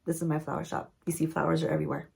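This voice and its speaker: A man's voice: on the high side, flat delivery, rapid-fire, vocal fry, darkish tone, voice pushed down. A woman voicing a defensive male flower shop owner who brushes off questions in a dismissive manner. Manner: brusque, dismissive.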